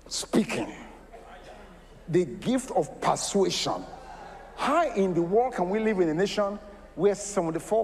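A man's voice: sits high, darkish tone, long reverb tail. A man preaching a sermon. He asks the congregation rhetorical questions and breaks into laughing asides.

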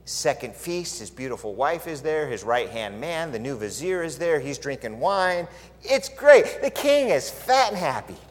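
A man preaches a story with a lively, wide-ranging voice, slightly high for a man. He talks casually and keeps putting questions to his listeners. His voice carries a long reverb from a large hall. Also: normal speed. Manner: animated, conversational, asks the audience questions. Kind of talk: sermon storytelling. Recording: echoey hall.

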